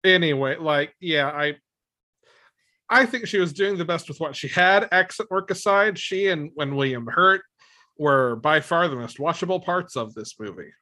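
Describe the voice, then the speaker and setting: A podcast co-host in a casual movie discussion, making wry, deadpan jokes. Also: medium pitch, moderate pace.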